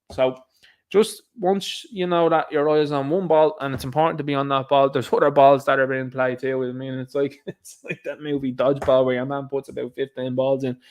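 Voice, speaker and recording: Ranting Irish man on a livestream. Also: mid-range voice. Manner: emphatic, ranting, talks straight to viewers. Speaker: livestream host. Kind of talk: opinionated livestream commentary reading viewer chat.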